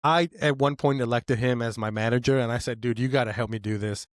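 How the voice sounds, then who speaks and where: A man co-hosting a casual podcast, telling his stories with eager excitement. His voice sits at a middling pitch and lifts when he gets worked up. The recording is close and dry. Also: a little fast, no echo. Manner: excitable storytelling, voice rises when animated. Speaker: podcast co-host. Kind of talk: casual chat.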